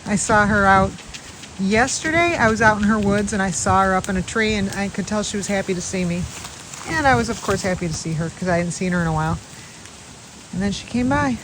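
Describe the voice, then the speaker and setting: A woman's voice: medium pitch, brisk, a bit bright, poor audio. A woman chatting casually in a backyard vlog, rambling as she calls out to the chipmunks and squirrels by name. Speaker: wildlife vlogger. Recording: outdoor recording with clear background noise.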